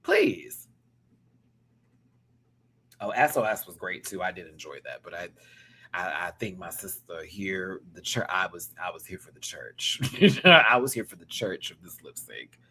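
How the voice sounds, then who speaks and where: A man from the American South with a Southern accent, hosting a casual reaction review and talking in an animated, slangy way that is full of swearing. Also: sits low, measured pace, husky. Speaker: reaction show host.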